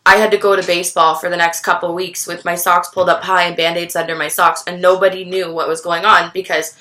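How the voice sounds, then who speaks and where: A young woman vlogger telling a personal story to the camera, candid and halting, swearing freely. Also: fairly low pitch, level tone, bright, forceful tone.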